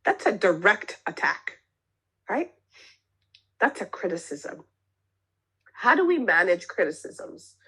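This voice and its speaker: A woman's voice: mid-range voice, very animated, slow pace, pauses often, sharp tone, slightly rough, low-quality recording. A woman therapist giving a talk on couples communication. She explains step by step, keeps checking in with "okay?", and acts out sample phrases. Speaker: marriage and family therapist. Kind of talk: teaching a mental health talk.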